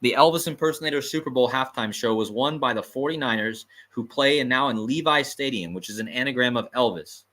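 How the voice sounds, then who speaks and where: A man's voice: medium pitch, fairly quick, hardly any pauses, fairly bright tone. A man hosting a livestream, talking emphatically and repeating his points with amused asides. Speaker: host. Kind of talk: livestream commentary.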